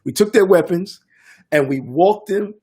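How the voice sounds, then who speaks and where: An older man, a DJ and producer telling a story in a casual interview, animated and acting out the voices of others. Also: high voice, measured pace, slightly rough. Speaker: guest DJ and producer.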